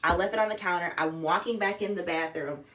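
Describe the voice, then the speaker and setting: A woman's voice: on the low side, a little fast, fairly bright tone, recorded from a distance. Young woman, candid home vlog, chatty and blunt, phone camera. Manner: candid, chatty, swears freely. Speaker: vlogger. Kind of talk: casual storytelling to camera.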